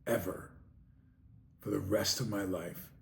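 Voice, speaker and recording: A man's voice: on the low side, fairly even intonation, takes it slowly, gravelly. A man, hosting his show and telling a rambling personal story in a conversational way. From New York, Long Island. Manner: rambling, conversational, frequent "you know". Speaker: host. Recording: echoey room with faint noise.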